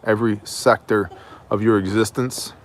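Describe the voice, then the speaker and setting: A man's voice: fairly low pitch, steady tone, normal speed, slight background noise. A man hosting his own news show, delivering opinionated commentary in an emphatic, sometimes mocking way. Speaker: host of an independent news show.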